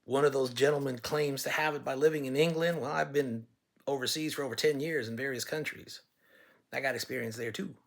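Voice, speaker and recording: A brisk, creaky, medium-pitched voice belongs to a California candidate talking in a steady tone. He makes his campaign pitch directly to listeners in a blunt, folksy style, telling stories to get his point across.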